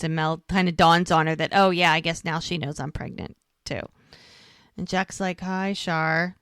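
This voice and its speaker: A woman co-hosts a podcast, casually recapping a TV episode by quoting each character, with lots of "she's like." Her lowish voice moves at a normal speed and sounds a bit bright, clear, and resonant. The studio-quality recording has no room sound.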